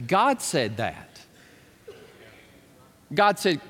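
A man preaching a sermon as pastor, animated and acting out scripture characters. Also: on the high side, slow pace, long pauses. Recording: echoey hall, voice at times far from the mic.

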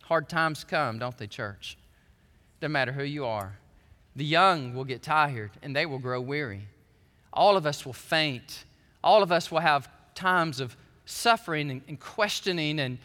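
A man preaching a sermon as pastor in a church, moving between calm reading and impassioned, shouted passages. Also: on the high side, measured pace, in a large hall. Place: church sanctuary.

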